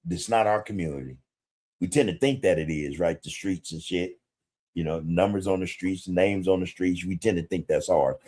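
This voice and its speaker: A man's voice: deep voice, normal speed, a little mellow. A man hosting a podcast livestream, talking bluntly in street slang with plenty of profanity and greeting viewers in the chat. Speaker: podcast host. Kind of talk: casual livestream commentary.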